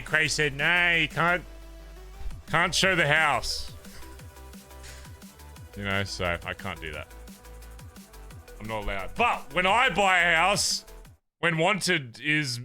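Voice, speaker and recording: A young Australian man with an Australian accent, chatting casually and swearing as he rants playfully to his stream viewers. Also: mid-range voice. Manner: animated, swearing, ranting playfully. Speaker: livestreamer.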